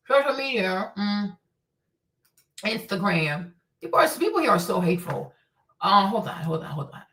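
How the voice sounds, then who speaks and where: A woman's voice: mid-range voice, fairly bright tone, far from the mic. A woman streaming live, commenting in a blunt, indignant, profane way and firing off rhetorical questions. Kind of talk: livestream commentary. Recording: echoey room.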